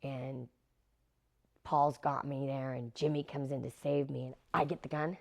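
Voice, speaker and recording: Gravelly-voiced woman telling a lively story. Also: rumbling low, measured pace. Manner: animated, acts out quotes with laughs. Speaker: actress interviewee. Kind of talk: anecdotal interview storytelling.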